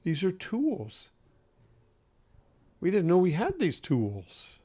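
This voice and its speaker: A man working as a voice coach, speaking to an interviewer in a deliberate, emphatic way with pointed pauses and a singer's trained voice. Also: high voice, huge pitch swings, dark tone, breathy edge.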